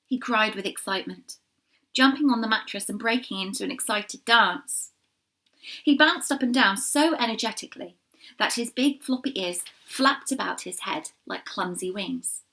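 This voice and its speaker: A woman reading a children's storybook aloud, expressive, with small slips and asides to her listeners. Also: mid-range voice, normal speed. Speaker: reader.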